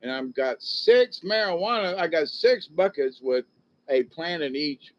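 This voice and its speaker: A man's voice: fairly high pitch, animated, unhurried. Chuckling man, rambling monologue. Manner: chuckling, folksy, self-mocking. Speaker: commentary vlogger. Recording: dull lo-fi home recording.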